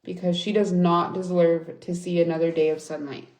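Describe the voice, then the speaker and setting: A woman's voice: fairly low pitch, level tone, normal speed, darkish tone, echoey room. A young woman venting angrily and swearing in a casual livestream chat, reading and answering viewers. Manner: angry, venting, swears often. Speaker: livestream host.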